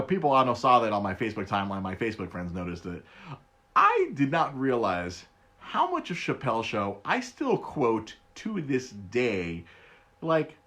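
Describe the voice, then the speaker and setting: Man in his thirties, podcast host, lively swooping pitch, laughs a lot, repeats words. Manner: animated, laughs often, stammers and repeats words; voice jumps high for quoted bits. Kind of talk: casual solo podcast chat.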